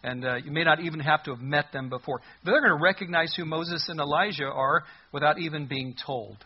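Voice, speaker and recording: A man's voice: fairly high pitch, brisk, dull audio, a little hiss or hum. A man preaching a sermon in a conversational, humorous way, reading scripture aloud. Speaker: pastor.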